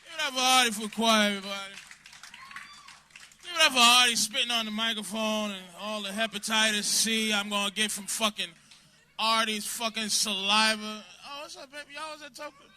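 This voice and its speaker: A man's voice: sits high, a little fast. A man doing stand-up in a comedy club, brashly mocking audience members with profane crowd work. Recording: loud crowd laughter, club noise.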